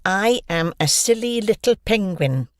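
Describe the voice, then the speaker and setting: Woman doing a sneering schoolboy bully, slow taunting drawl, storybook reading, dry sound. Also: mid-range voice, expressive, no echo, voice pushed up, lightly acted.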